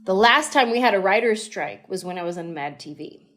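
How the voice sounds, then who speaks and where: Animated woman comedian telling stories. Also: medium pitch. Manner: animated storyteller, slips into quick impressions. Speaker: comedian guest. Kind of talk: storytelling podcast interview.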